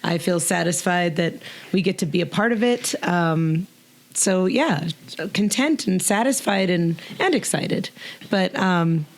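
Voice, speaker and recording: A woman's voice: fairly low pitch, animated, measured pace. Reflective woman, podcast guest. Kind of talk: casual group check-in.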